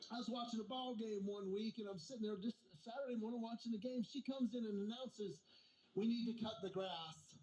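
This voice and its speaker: A man's voice: very high-pitched, roomy sound, noisy background. A man in his forties doing a stand-up comedy set, telling family stories, acting out the voices in them and talking to the audience. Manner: storytelling, acts out quoted voices, talks to audience. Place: stage before a live audience.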